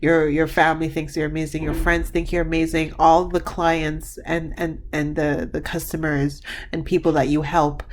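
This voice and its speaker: A woman's voice: low-pitched, little pitch movement, moderate pace, hardly any pauses, a little hiss or hum. A woman giving a pick-a-card reading to her viewers, rambling and gushing, with many restarts. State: tearful. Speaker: tarot card reader.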